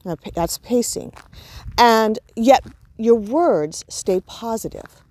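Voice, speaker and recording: A woman's voice: fairly high pitch, expressive, takes it slowly, a little mellow. A woman giving an informal spoken lesson on parenting, explaining with examples and filling her talk with "you know" and "right". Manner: explains with examples, acts out soothing talk to a child. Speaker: parenting and emotions teacher.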